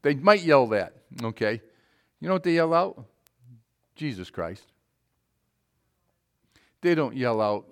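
A man preaching a sermon, with emphatic calls that swing to quiet, low asides. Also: expressive, a little slow, long pauses.

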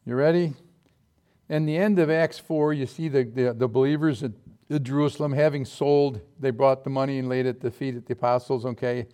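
A man preaching a sermon, telling personal stories in an animated way and acting out quotes with sudden jumps in his voice. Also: medium pitch, a little fast, clear, resonant tone.

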